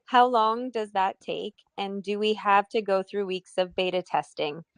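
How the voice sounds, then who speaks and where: A woman co-hosting a casual online Q&A, reading out community questions and clarifying details in a clear, explanatory way. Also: mid-range voice, steady tone, unhurried, dry recording. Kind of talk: casual livestream Q&A.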